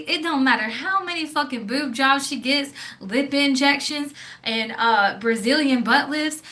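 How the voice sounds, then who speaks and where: Blunt, bright-voiced Southern woman vlogger. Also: high voice. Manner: blunt, profane, keeps asking okay?. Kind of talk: casual opinionated vlog.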